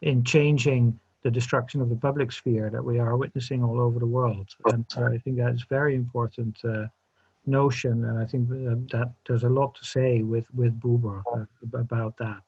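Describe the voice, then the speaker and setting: A man runs an online seminar over a video call, welcoming people in a halting way with plenty of ums and repeated words. His voice is slightly husky, and the call audio sounds dull and muffled. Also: mid-range voice, level tone, a little mellow. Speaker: seminar facilitator.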